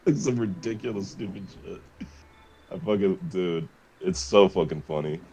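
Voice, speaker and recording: A man's voice: sits low, moderate pace, background noise. A man streamer from the US chatting casually and rambling, swearing freely and laughing often. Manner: rambling, profane, laughing often, many fillers. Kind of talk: casual chat.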